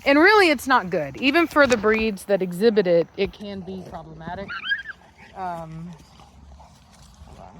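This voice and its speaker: A woman's voice: mid-range voice, animated, moderate pace, pauses often, background noise. A woman dog breeder from Virginia, filming outdoors and chatting casually, talking to her dogs in a sing-song baby voice and laughing often.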